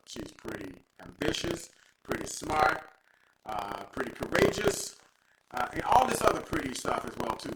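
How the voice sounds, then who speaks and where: A man from Texas, hosting a live show in a playful, preachy storytelling way. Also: medium pitch. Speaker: host. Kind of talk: lively live show talk. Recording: echoey room with loud noise.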